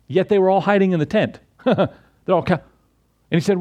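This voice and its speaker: A man's voice: sits high, moderate pace, no echo. A man preaching a sermon in a conversational way, talking straight to his listeners and acting out the lines of people in his stories. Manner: conversational, retells stories with lively acted quotes; talks directly to listeners.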